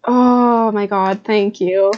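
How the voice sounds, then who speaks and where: A woman's voice: medium pitch, steady tone, slow pace, a little mellow, dull audio, slight background noise. A woman streaming a horror game, swearing and laughing at her own scares as she comments. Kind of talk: live gameplay commentary.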